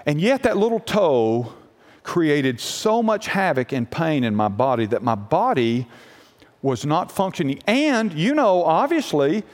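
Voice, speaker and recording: Animated male pastor preaching in a hall. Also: a little high, measured pace. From United States. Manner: animated storytelling, asks the congregation questions. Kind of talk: sermon.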